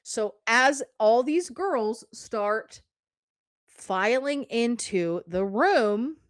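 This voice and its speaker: Young woman, podcast host, animated storyteller, swears freely, slow deliberate delivery. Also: fairly high pitch, no echo, studio quality. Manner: animated, profane, rhetorical "okay?" asides. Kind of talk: casual storytelling.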